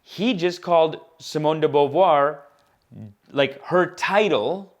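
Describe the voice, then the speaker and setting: A man's voice: fairly high pitch, takes it slowly, muffled recording. A young adult man who grew up in India, hosting a comedy podcast in a rambling, slangy monologue full of repeated asides.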